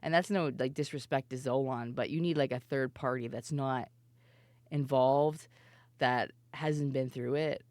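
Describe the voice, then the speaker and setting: Low-voiced, giggly woman streamer. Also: steady tone, a little slow, darkish tone, no room sound. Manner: giggly, rambling, mimics voices in anecdotes. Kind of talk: casual stream chat.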